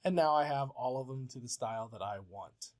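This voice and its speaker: Male instructor, mid-pitched, patient step-by-step screen-recorded tutorial delivery. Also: fairly quick, darkish tone. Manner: step-by-step, plain and patient, with frequent uh fillers. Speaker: professor. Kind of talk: software tutorial walkthrough.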